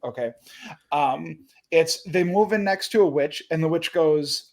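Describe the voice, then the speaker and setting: A man with a fairly high voice, chatting casually about a film on a podcast. He rambles and restarts his sentences often, sometimes slipping into the thoughts of the characters. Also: a little slow, darkish tone. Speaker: podcast panelist.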